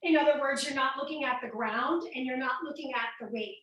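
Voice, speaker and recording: Woman fitness instructor, high and sharp, a bit winded, echoey room, mic across the room. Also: a little fast, recorded from a distance, muffled recording, slight background noise. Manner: upbeat counting cues, coaching while exercising. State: a little out of breath. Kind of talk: workout class instruction.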